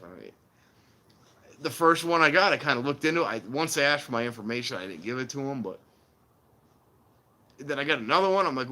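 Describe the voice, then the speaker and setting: A man hosting a casual trainspotting stream, rambling and animated, acting out the voices of people he quotes. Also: medium pitch, fast. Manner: warns viewers against scams. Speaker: railfan livestream host. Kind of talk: casual chat while filming trains.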